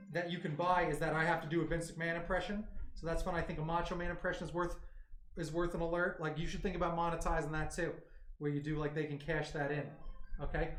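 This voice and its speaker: A man hosting a livestream, rambling excitably as he chats with his viewers. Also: fairly high pitch. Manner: excitable, rambling, talks to chat. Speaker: livestream host. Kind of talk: casual livestream chat. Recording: roomy echo, faint music.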